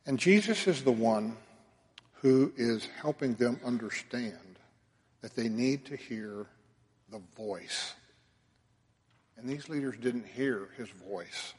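Male pastor, middle-pitched voice, earnest sermon delivery that swells and falls, recorded with long church-hall reverb. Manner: earnest preaching, swelling and dropping in loudness.

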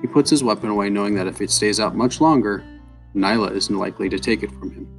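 A man narrating a fantasy story in a measured, unhurried way. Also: fairly low pitch, gravelly. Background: soft guitar music.

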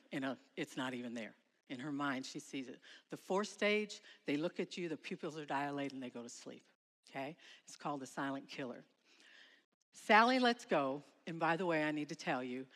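Bright-voiced woman telling a dramatic story. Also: sits low. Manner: dramatic storyteller, acts out shouts. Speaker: guest speaker at school chapel. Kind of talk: emotional testimony to students. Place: school chapel hall. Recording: long hall reverb.

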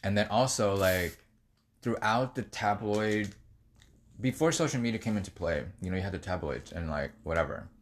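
A man's voice: fairly low pitch, lively intonation, moderate pace. A man co-hosting a podcast, rambling casually with lots of fillers. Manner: rambling, many fillers, laughs easily. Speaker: podcast co-host. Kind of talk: casual chat.

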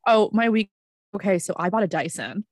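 A woman's voice: mid-range voice, expressive, brisk, no echo, studio quality. A Canadian woman co-hosting a casual podcast from her basement, chatty and playful, stopping to explain things for listeners. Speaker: podcast co-host. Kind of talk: casual chat. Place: basement room.

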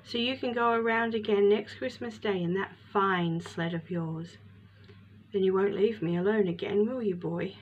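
A bitter, harsh old woodcarver, as a woman narrator puts him on, gruff and ready to roar. He speaks low and weathered, like a lonely man grown crabby over the years. The recording is slightly muffled. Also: moderate pace, close to an everyday voice. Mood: gentle gruff. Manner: gruff, growls when angry. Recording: slightly muffled with faint hiss.

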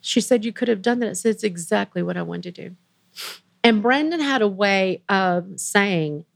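An older woman speaks as an interview guest, earnest and emotional as she recounts her story. Her voice is dry and close, with no room around it, and her pitch sits in an ordinary middle range. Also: moderate pace, creaky, no echo. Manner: earnest, emotional, quotes others in lively voices.

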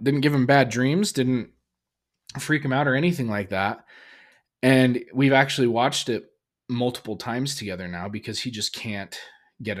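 A man in his thirties hosting a casual solo podcast, telling a family story in a rambling way with restarts and fillers. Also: mid-range voice. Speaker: podcast host.

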